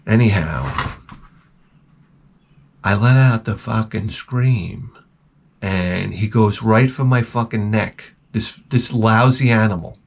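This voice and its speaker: A middle-aged man hosting his channel, telling a comic story in a profane, animated rant full of restarts. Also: lowish voice, takes it slowly, slight background noise. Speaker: host.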